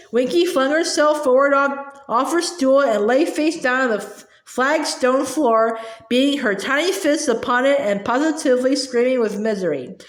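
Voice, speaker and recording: High-voiced woman reading a story aloud. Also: reverberant. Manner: steady storytelling, small slips and restarts. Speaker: audiobook reader. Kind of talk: audiobook narration.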